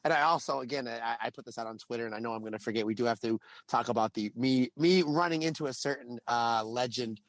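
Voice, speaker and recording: A man co-hosting a casual podcast who tells his stories with animated energy. His voice sits at an ordinary pitch and is recorded close and dry, with no room sound. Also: quick pace, few pauses, no echo. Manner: animated storyteller. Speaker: podcast co-host.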